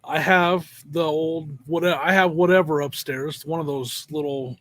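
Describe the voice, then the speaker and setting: A man co-hosting a podcast, telling a story in a casual, animated way and laughing often. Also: a little high, measured pace, dry recording. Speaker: podcast co-host. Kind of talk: casual chat.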